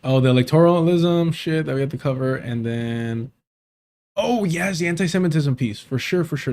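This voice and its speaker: A man's voice: a little high, moderate pace, darkish tone. Laid-back man hosting a live stream. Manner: rambling, laughs often, swears casually. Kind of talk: casual live stream chat.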